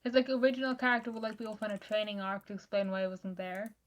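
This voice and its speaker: A young woman co-hosting a fan podcast, explaining points in a measured casual way. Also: mid-range voice, level tone. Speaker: podcast co-host. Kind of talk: casual chat.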